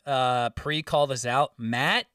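A man's voice: mid-range voice, takes it slowly, smooth, no echo, studio quality, distant mic. A man telling a story in casual chat, swearing freely and acting out the quotes. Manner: profane, animated storytelling with acted-out quotes.

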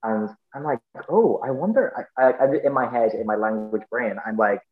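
A man's voice: medium pitch, moderate pace, roomy sound, phone-quality sound. A man with a Northern Irish accent, a podcast guest explaining things thoughtfully in casual talk, with many ums and restarts. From Northern Ireland. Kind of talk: casual interview chat.

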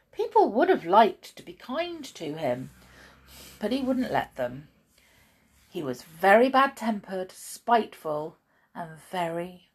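Woman reading a children's story aloud, slow, breathy, low-ish voice, expressive.

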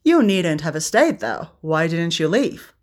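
A woman voicing a young prince who teases and commands in a slightly lowered, dry tone. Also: very animated, slow. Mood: teasing prince.

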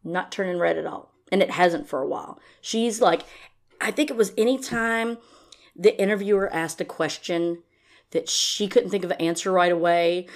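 Blunt, profane woman ranting on a podcast. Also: moderate pace. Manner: blunt, profane and sarcastic, mocking in a high put-on voice. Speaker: podcast host. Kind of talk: ranting casual commentary.

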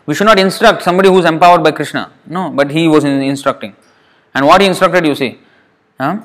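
A man's voice: fairly high pitch, fairly bright tone. A man giving a scripture lecture, retelling a story and explaining it with frequent "you know" asides. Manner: explanatory, many "you know" fillers, acts out quotes. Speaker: preacher.

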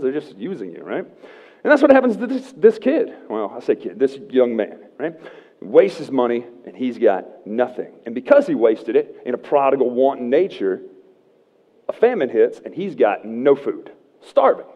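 Male pastor, thirties, lively and a bit high, jokey conversational sermon, dull livestream with long hall reverb. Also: normal speed. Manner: conversational and humorous, often asking "right?". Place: church sanctuary.

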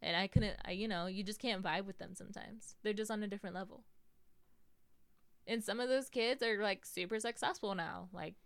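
A woman's voice: mid-range voice, brisk, creaky, smooth, no room sound. A young American woman chatting casually as a podcast host, telling stories with lots of "like" and "you know". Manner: acts out quotes in a raised voice. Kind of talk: casual chat.

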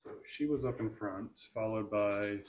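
Man as dungeon master, measured narration, echoey room, faint hiss. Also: on the low side. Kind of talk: running a tabletop game.

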